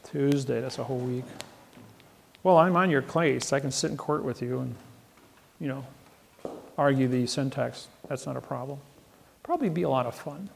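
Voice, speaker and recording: Boastful rambling man, gravelly voice. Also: mid-range voice, normal speed, long pauses, slight background noise. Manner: boastful, rambling, repeats his words. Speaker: seminar speaker. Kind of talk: seminar talk, storytelling to an audience. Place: seminar room.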